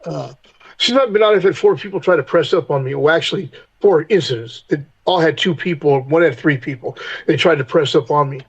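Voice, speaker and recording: A middle-aged man tells hard-edged stories as a podcast guest. He speaks bluntly, swears freely and acts out heated run-ins in a voice that sits a little high for a man. The sound is dull and lo-fi. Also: fairly quick, husky. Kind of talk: candid storytelling interview.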